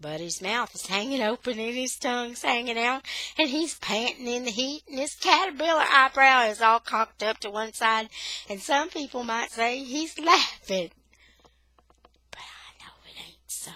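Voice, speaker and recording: A woman reading a children's novel aloud in an expressive storytelling manner. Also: a little high, moderate pace, dry recording, low-quality recording. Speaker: reader.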